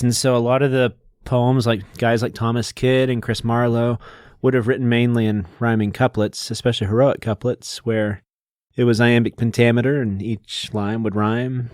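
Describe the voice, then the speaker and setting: A man's voice: medium pitch, a little mellow, no room sound, clean studio sound. A man co-hosting a podcast, patiently explaining things in a casual, lecturing way. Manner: lecturing, patient, detail-heavy. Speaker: podcast co-host.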